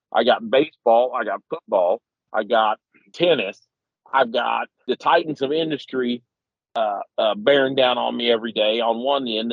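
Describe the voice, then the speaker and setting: Over a muffled, lo-fi phone line, a man from Missouri in his fifties calls into a podcast he regularly guests on. He tells a long, rambling story full of self-deprecation in a mid-range voice, with no echo.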